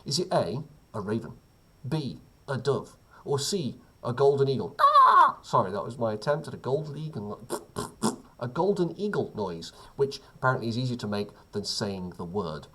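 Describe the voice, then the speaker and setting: Husky-voiced man as a casual quiz host at home, lively pitch, wandering off on tangents. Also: normal speed. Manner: chatty, self-deprecating, rambling asides. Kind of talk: casual quiz reading with asides.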